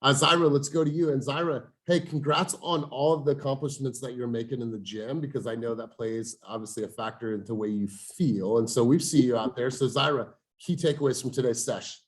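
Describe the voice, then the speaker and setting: An energetic man hosting a motivational coaching call over video, calling on each team member and saying "you guys" often. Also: mid-range voice, a little fast, few pauses.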